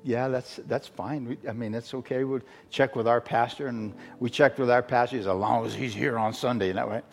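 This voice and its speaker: A middle-aged man from Arizona, a guest preacher telling a story as a sermon testimony, halting, with many fillers and restarts. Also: medium pitch, fairly even intonation, gravelly. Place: church sanctuary. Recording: long hall reverb with faint music.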